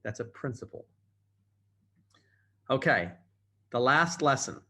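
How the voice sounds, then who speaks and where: A man's voice: medium pitch, expressive, moderate pace, a bit bright. A man giving a motivational training talk over a video call, emphatic and repeating phrases for effect. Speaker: motivational speaker.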